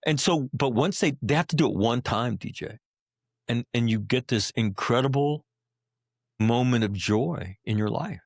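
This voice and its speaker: Blunt, gravelly-voiced man. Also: mid-range voice, normal speed, no room sound. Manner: blunt and profane, drives points home with repeated phrases. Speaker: guest, Marine combat veteran and author. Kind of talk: candid podcast interview storytelling.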